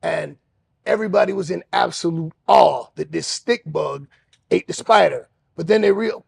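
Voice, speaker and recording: A man hosting a podcast, telling a story in an animated way and acting out other people's voices. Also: on the high side, normal speed, creaky, husky, no echo. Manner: acts out other voices, shouting and laughing. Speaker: podcast host.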